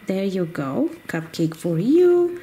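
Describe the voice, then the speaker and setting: Lady playing a chill friendly ice cream seller, slow and mellow, toy play for kids. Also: mid-range voice, big pitch swings, voice pushed down. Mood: pleased. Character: friendly cheerful ice cream truck vendor.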